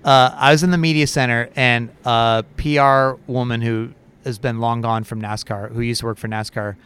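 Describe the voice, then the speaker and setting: A man co-hosts a podcast and spins a casual story, chatty and animated, with many fillers along the way. His voice is smooth and clear, sitting in a middle pitch. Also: moderate pace. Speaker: podcast co-host.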